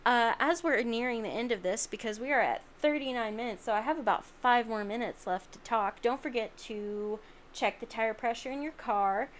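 A woman's voice: on the high side, normal speed, slight background noise. A sleepy woman hosting a late-night solo podcast, talking in an earnest, rambling, self-deprecating way from home. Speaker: podcast host.

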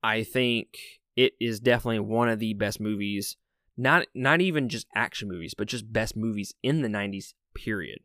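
A man's voice: lowish voice, normal speed, sharp tone, no room sound, studio quality. A young man from the American South with a Southern accent, casually counting down his favorite movies in an enthusiastic, opinionated way. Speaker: movie reviewer.

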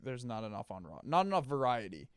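Relaxed man chatting, dry close mic. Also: medium pitch, fast talker, clean tone, no room sound. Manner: relaxed, laughs often, lists his opinions. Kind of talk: casual chat.

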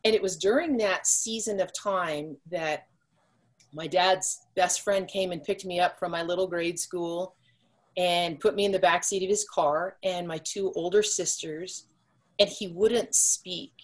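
A woman's voice: on the low side, fairly even intonation, a little slow. A woman sharing her personal faith testimony as a guest, telling her story earnestly and speeding up at the tense moments.

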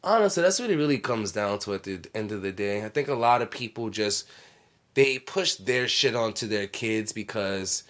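A man co-hosting a casual reaction chat, talking in a loud, slangy and profane way. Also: fairly low pitch, animated, normal speed. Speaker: co-host.

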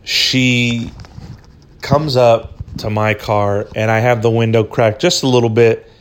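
Male podcast host, mid-pitched voice, casual profane storyteller, lots of "dude" and "right?", loose and rambling delivery. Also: steady tone, slow, a little hiss or hum.

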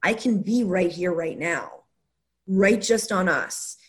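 A woman hosting a podcast in casual conversation, enthusiastic and affirming, with an energetic way of talking. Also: on the low side, takes it slowly. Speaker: podcast host.

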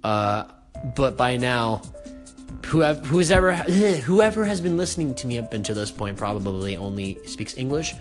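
A man's voice: mid-range voice, big pitch swings, moderate pace. A young American man hosting his own radio talk show, stuttering and stumbling over his words as he chats casually. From United States. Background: music.

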